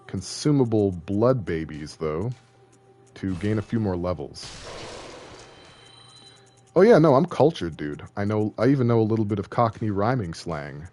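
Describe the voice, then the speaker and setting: A young man with a fairly low voice chats through a game stream, rambling from thought to thought. He jokes easily and keeps poking fun at himself. The talk is loose and casual. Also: darkish tone. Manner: joking, rambling, self-deprecating. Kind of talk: casual live-stream commentary.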